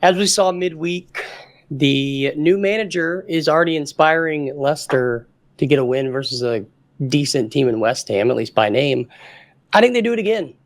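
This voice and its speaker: A man's voice: medium pitch, moderate pace. A man co-hosting a casual football podcast, confidently laying out match predictions. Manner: confident, makes firm predictions. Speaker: podcast co-host. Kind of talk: casual sports chat.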